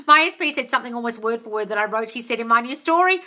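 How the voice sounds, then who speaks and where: Bright, chatty Australian woman. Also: on the high side, animated, fast. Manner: chatty, calls viewers darling, swears casually. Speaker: manifestation coach host. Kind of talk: live-stream Q&A, reading comments.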